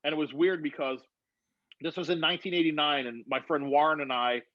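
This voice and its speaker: A man's voice: a little high, brisk, dry recording, muffled recording. A man telling a rambling, profane story in casual chat over a video call on his phone. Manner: rambling, profane, animated retelling. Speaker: guest storyteller.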